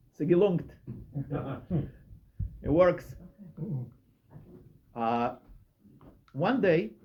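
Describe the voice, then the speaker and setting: A man with a Russian accent telling stories in a casual talk, halting often and searching for his words. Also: a little high, vocal fry. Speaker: speaker telling personal stories. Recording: muffled recording with faint hiss.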